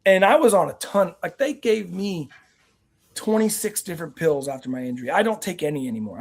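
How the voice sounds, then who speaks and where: A nonprofit team member appears as a guest on a veterans' talk show, answering interview questions conversationally. He tells stories earnestly and ramblingly, restarting often. His mid-range voice is animated, fairly quick, husky, and a little mellow.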